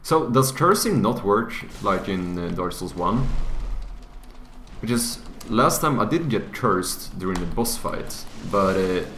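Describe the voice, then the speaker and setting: Excitable, profane male game streamer. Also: on the low side, slow, a little hiss or hum. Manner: excitable, profane, laughs often. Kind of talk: casual live-stream commentary.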